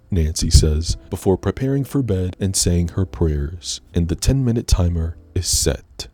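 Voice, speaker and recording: A man hosting a casual movie recap, animated and full of joking asides. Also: sits low, moderate pace, few pauses. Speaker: host.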